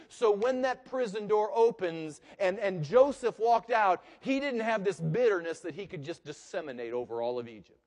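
High-voiced preacher in a big hall. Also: male voice, expressive, normal speed, hardly any pauses. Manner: preaching, swinging from hushed to loud. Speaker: pastor. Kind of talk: sermon. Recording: long reverb of a large hall.

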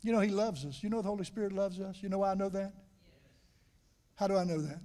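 A middle-aged man preaching a sermon to a congregation in church. He keeps asking them questions and swings from quiet, confiding talk to loud emphasis. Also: sits high, fast. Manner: conversational, asks the congregation questions. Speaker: pastor. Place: church sanctuary.

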